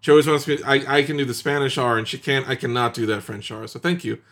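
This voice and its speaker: A man's voice: medium pitch, fairly even intonation, quick pace, fairly bright tone. Sardonic man hosting a sports talk show. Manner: sardonic, emphatic lists. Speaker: podcast host. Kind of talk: casual sports chat.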